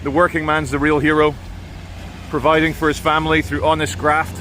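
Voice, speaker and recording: A man's voice: fairly high pitch, little pitch movement, a little fast, pushed and bright. A man from Brazil with a British upbringing, chatting casually and opinionatedly while walking through a town. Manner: chatty, rambling, opinionated, self-correcting. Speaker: vlogger. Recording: outdoor street noise.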